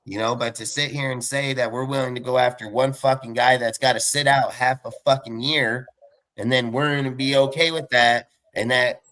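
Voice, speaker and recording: Guy on a live fan podcast, bright tense voice, cussing nonstop, blunt and heated. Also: mid-range voice, fairly even intonation, low-quality recording. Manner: profane, heated ranting; fast and blunt, many fillers like "dude".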